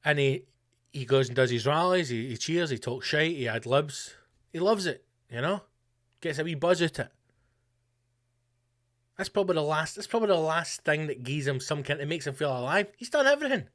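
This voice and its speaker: A Scottish man hosting his podcast, delivering a sweary, animated comedic rant in a conspiratorial tone. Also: fairly high pitch, normal speed. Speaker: podcast host.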